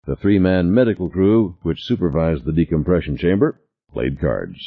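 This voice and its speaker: A man with a very low voice narrates a novel, his pitch swinging widely as he reads. The recording is dry and a little muffled, close to the mic. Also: normal speed. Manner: dramatic, expressive reading. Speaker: audiobook narrator. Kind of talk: scripted narration.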